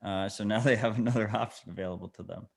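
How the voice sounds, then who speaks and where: A man's voice: fairly low pitch, fast, gravelly, husky. A man co-hosting a podcast, explaining things bluntly and swearing in casual chat. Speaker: podcast co-host.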